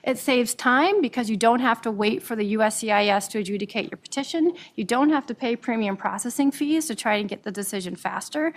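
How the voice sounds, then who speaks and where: A woman from Nebraska, an immigration attorney, presenting a webinar quickly with frequent "um"s and repeated words. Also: a little high. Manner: fast-talking, with frequent fillers and repeated words. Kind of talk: professional presentation.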